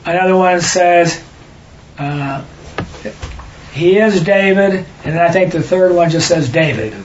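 A man's voice: high voice, unhurried, dull audio, a little hiss or hum. A man leading a home Bible study, explaining passages and stopping readers to correct and stress words.

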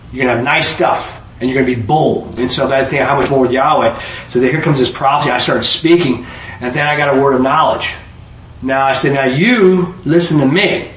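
Distant, echoey male preacher. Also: a little fast. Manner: lively storyteller, rises loud to preach then drops low. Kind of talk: sermon with jokes and stories. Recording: echoey room heard from a distance.

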